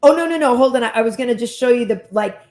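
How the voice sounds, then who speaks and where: A woman's voice: on the high side, animated, a little mellow. Chatty, upbeat woman hosting. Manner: chatty and enthusiastic, quick asides. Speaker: host. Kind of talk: casual chat show.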